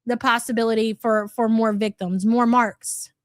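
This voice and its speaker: A woman's voice: a little high, steady tone, moderate pace, no echo, clean studio sound. A woman hosting a livestream, reacting to clips with blunt, profane commentary and reading out super chats. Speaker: commentary channel host.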